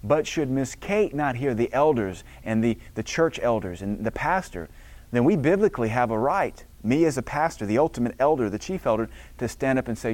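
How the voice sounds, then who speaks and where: Man, middle-aged pastor, emphatic sermon delivery, mid-pitched voice, dry close sound. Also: animated, normal speed, darkish tone, no echo. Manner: emphatic, preacherly cadence quoting scripture.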